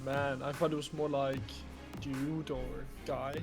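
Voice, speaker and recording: A man co-casting a game stream, reading chat aloud and gently teasing his partner. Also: mid-range voice, little pitch movement, a little slow, over music. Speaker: esports co-caster. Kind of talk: casual stream commentary.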